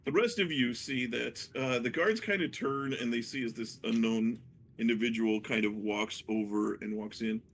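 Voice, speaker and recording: A man narrating a tabletop game as dungeon master, hesitant and full of fillers, with a gravelly voice. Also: medium pitch, normal speed. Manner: hesitant, many fillers and restarts.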